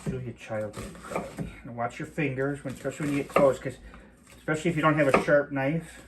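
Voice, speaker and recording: A man's voice: medium pitch, steady tone, fast talker. A middle-aged man from Michigan's Upper Peninsula hosting a casual home cooking demonstration, chatty and rambling with mild cursing, in a home kitchen. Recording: clear chopping noise behind voice. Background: knife chopping and clicks.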